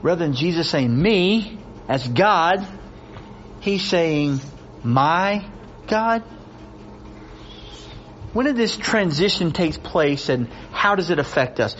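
A man's voice: fairly high pitch, animated, measured pace, a bit bright, a little hiss or hum. A man preaching a sermon, reading scripture with rising intensity and pressing his points through repetition. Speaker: pastor. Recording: dull lo-fi recording with faint ambience.

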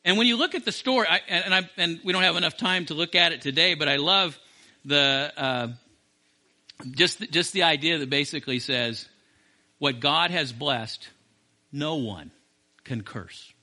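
Male preacher, high and piercing, fervent and repetitive. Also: fairly quick, pushed and bright. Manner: impassioned, repeats phrases and restarts mid-sentence. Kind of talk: sermon.

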